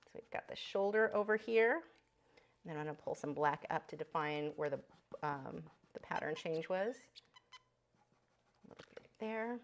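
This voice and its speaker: Animated and speaking at a normal speed with long pauses, a woman teaches art in a chatty live drawing session. She sometimes interrupts herself to talk to her pet bird in a high, squeaky voice.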